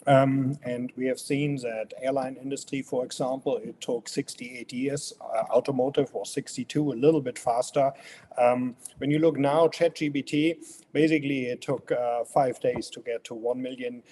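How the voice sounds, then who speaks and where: German-accented man with a mellow voice. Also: mid-range voice, fairly even intonation, normal speed. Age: 50s. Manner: hesitant, many ums, friendly. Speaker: guest. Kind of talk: casual interview.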